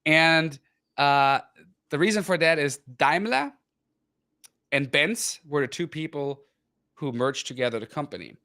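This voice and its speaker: Man, German accent, casual talk, slow careful pronunciations. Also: a little high. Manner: explains pronunciations slowly, self-aware about a loud voice. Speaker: host. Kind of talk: casual chat.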